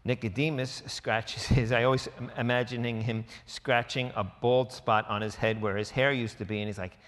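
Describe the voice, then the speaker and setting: A male pastor preaching in a conversational, emphatic way, breaking into quick quoted asides. His voice sits at an ordinary middle pitch. The sound carries a long reverb from a church hall. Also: fairly even intonation, fairly bright tone. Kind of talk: sermon.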